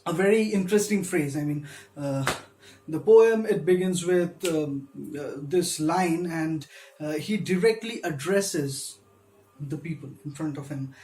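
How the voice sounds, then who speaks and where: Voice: medium pitch, animated, unhurried, darkish tone, faint music behind. A lecturer explaining a poem's meter in an online lesson, hesitating often with ums and uhs and counting out the stresses. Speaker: literature lecturer. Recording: roomy echo.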